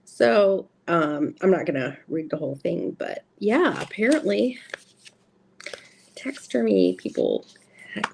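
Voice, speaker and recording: A woman's voice: mid-range voice, vocal fry, darkish tone, slight background noise. A woman with a Southern US accent hosting a casual tarot live stream, chatting freely, laughing often and answering her viewers. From Southern United States. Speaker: tarot livestream host.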